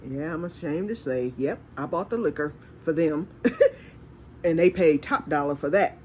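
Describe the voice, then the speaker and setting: A woman from Michigan, a storytelling vlogger, rambles through a personal story in a casual, chatty way, laughing often and acting out what people said. Her voice is low-pitched and a little mellow at a normal pace, with slight background noise.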